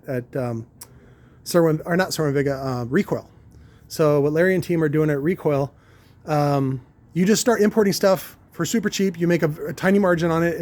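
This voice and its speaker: A man's voice: fairly high pitch, darkish tone. A man, a car audio shop owner, talking in a rambling casual monologue, crude and joking, with many restarts and filler words.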